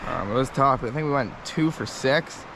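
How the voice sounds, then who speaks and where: A man with a middle-pitched voice, talking to his viewers in a relaxed, matter-of-fact way as he hosts an outdoor fishing vlog by a river in winter. Clear steady noise from outside sits under his voice the whole time. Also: moderate pace. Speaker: fishing channel host. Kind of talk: casual outdoor vlog chat.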